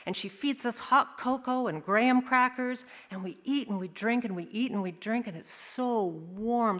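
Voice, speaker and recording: A woman tells a personal story to a gathered congregation, drawing it out with vivid detail and dramatic pauses. Her voice sits at an ordinary middle pitch. It carries the long, ringing reverb of a large hall. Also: fairly bright tone. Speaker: service speaker sharing a personal story.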